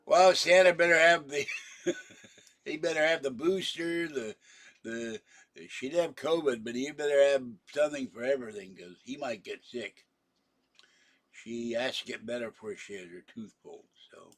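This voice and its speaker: A man with a husky, breathy voice chats loosely on a livestream, wandering between topics and stopping often for fillers. He sounds tired, yawning now and then, and keeps an easygoing, unhurried delivery. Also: medium pitch, a bit bright. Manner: rambling and digressive, with many fillers. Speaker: livestream host. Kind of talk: casual livestream chat.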